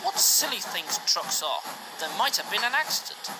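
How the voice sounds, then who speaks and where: A woman's voice: mid-range voice, sing-song, moderate pace, over loud music, natural voice, low-quality recording. A woman voicing a proud red steam engine. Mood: relieved. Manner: pleading then determined. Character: young male red steam engine, proud but sorry.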